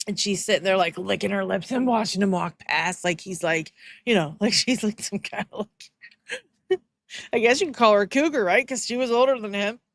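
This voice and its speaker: A woman's voice: mid-range voice, normal speed, no room sound. Woman livestream commentator, mocking, blunt, laughs often, dry close mic. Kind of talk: casual reaction commentary.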